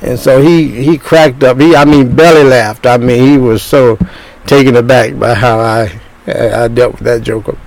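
Gravelly older man preaching bluntly. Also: medium pitch, fairly even intonation, moderate pace, hardly any pauses, darkish tone, poor audio. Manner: blunt, rambling, repeats himself. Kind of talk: sermon.

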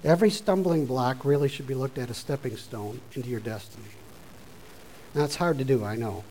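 A man preaching a sermon, informal and conversational, rising from quiet asides to loud exhortation. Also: mid-range voice, a little fast, slight background noise, poor audio.

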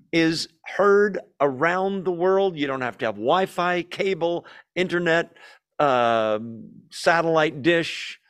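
A man preaching as a pastor, teaching verse by verse through a Bible passage in a conversational way, often asking his listeners questions. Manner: conversational, asks the audience questions, lively shifts in pitch.

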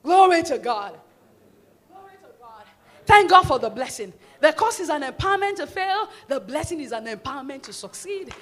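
A woman pastor delivers a fervent church sermon in a very high voice. She urges the congregation to repeat lines back to her and often builds to shouted declarations. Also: big pitch swings, moderate pace. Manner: fervent preaching with call-and-response, rising to shouts.

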